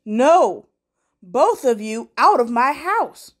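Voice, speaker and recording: A woman's voice: medium pitch, lively intonation, normal speed, lightly acted. A woman voicing a stubborn young man who pushes back against his family. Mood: defiant. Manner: defiant, shouting.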